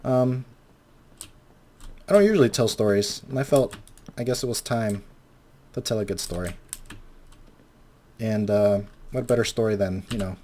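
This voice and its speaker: A man's voice: lowish voice, lively intonation, moderate pace, long pauses, mellow. Rambling, swearing young man telling a story. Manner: rambling, swears a lot, acts out quotes. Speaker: Minecraft video maker. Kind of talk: casual storytelling while playing.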